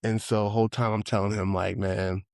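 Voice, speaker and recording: A man's voice: brisk, creaky, no echo. Dry-voiced New York man telling stories. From Brooklyn, New York. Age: 40s. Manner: loose, conversational, acts out quotes with excited higher voice. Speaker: podcast host. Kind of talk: reflective casual storytelling.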